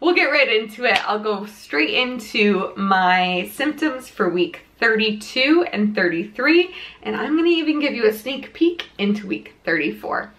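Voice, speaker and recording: A woman's voice: on the high side, animated, unhurried, a bit bright. A young woman vlogging casually from home about her pregnancy, chatty and rambling with many restarts, a little out of breath. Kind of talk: casual pregnancy update vlog. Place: home room lit by a ring light.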